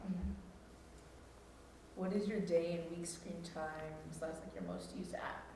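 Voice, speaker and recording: A woman's voice: on the low side, steady tone, measured pace, dark tone, far from the mic. A teenage girl interviewing a classmate for the school yearbook, chatty and reading set questions. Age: teens. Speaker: student interviewer. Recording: echoey room with faint noise.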